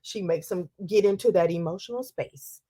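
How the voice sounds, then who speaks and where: A woman's voice: lowish voice, moderate pace. A woman co-hosting a casual chat podcast, telling stories with energy and acting out quotes. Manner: animated storytelling, acts out quotes. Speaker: podcast co-host.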